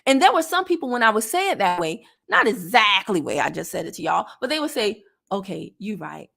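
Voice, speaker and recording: Animated, blunt woman coach. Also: on the high side, fast talker, vocal fry. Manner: animated, blunt, sassy and colloquial; gets worked up. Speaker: network marketing coach. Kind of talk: casual direct-to-camera talk.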